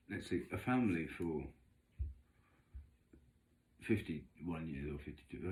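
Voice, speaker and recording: A man talks in a very low voice that still swoops widely up and down. His chatty, gossipy rambling about tarot cards and neighbours is full of camp asides. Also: creaky, a little mellow. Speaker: vlogger doing tarot readings. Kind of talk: casual rambling monologue.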